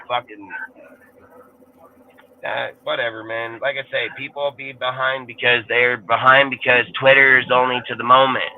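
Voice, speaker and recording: A man's voice: medium pitch, fairly even intonation, normal speed. Heated, cursing man on a tinny line. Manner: profane, heated, rambling. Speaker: sports podcast host. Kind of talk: ranting casual talk. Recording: tinny phone-like sound.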